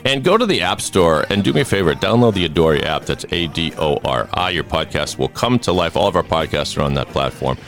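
A man's voice: low voice, animated, brisk, hardly any pauses, a bit bright, soft background music. A man from hosting a podcast in a rambling, stammering, jokey way. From Boston. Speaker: podcast host. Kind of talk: casual podcast chat.

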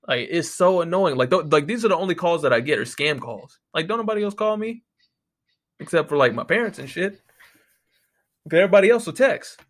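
A man with a slightly higher than average voice rants into a close microphone, profane and exasperated. He tells his stories with mocking quoted voices in a loose, casual delivery. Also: lively intonation, a little fast. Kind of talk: casual solo rant.

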